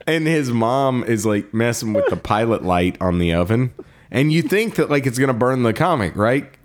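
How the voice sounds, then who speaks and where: A man co-hosting a podcast, casually retelling a story, laughing often and acting out the characters' lines in quick quoted voices. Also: mid-range voice, big pitch swings, slight background noise. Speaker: podcast co-host.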